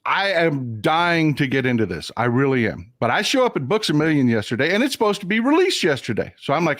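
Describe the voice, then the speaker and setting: Animated male livestream host. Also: on the high side, fast talker, hardly any pauses, no room sound, clean studio sound. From Texas. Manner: animated storyteller, mimics people in raised voices. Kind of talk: casual chat.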